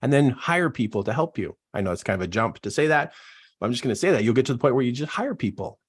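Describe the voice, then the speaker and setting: A man giving an emphatic, repetitive motivational talk as a business coach, animated and preaching. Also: medium pitch, fast, breathy edge. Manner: animated, acts out quoted voices.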